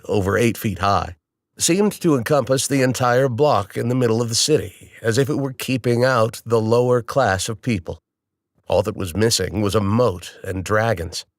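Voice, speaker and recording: A man reading a novel aloud in the first person, in a measured, wry storytelling manner. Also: fairly low pitch, gravelly, no room sound, clean studio sound. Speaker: audiobook narrator. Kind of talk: scripted first-person narration.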